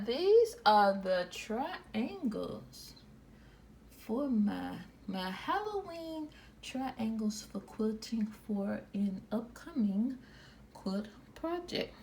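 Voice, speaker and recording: A woman talks through her quilting work at a slow, unhurried pace, circling back and repeating herself as she goes. Her tone is casual, like a show-and-tell vlog. Faint room noise sits behind her voice. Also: medium pitch, a little mellow, poor audio. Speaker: quilting channel host.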